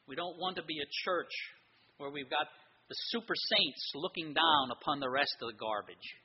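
Husky-voiced male pastor preaching. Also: fairly high pitch, moderate pace, muffled recording. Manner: earnest preaching with quoted anecdotes. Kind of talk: sermon.

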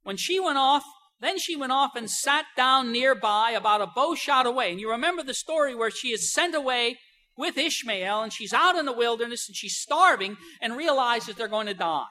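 An older woman preaching a sermon, emphatic, slowing right down on key phrases and swinging between soft asides and loud stresses. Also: on the high side, expressive.

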